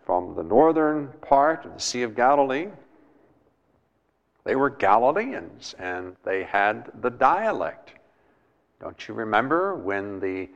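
A man's voice: fairly low pitch, gravelly, lo-fi sound. A man preaching a sermon in an emphatic way, repeating words and asking his listeners questions. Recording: long hall reverb.

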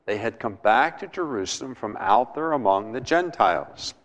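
A man's voice: medium pitch, expressive, moderate pace, a bit bright, dull audio. A man preaching a sermon in an emphatic way, repeating words and asking his listeners questions. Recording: long hall reverb.

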